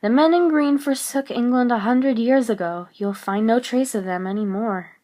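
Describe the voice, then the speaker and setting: A woman voicing a shy, polite young governess who speaks softly. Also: on the high side, moderate pace, lightly acted.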